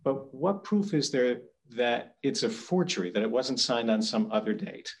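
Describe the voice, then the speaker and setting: A man, an appellate judge, questioning an attorney in court in a probing, deliberate way. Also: medium pitch, lively intonation.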